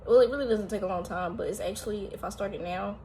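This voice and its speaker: A woman's voice: medium pitch, quick pace, a little hiss or hum. Tired, chatty woman vlogging at home. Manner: talkative, animated, often exclaiming. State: tired and out of breath. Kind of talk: casual chatty vlog. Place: home kitchen, indoors.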